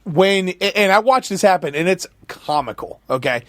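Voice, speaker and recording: A man on a podcast as a guest, telling business stories in a lively, animated way and acting out quotes. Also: sits high, normal speed, dry recording. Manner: animated, storytelling with acted-out quotes. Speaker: guest, food company founder. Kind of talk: casual podcast chat.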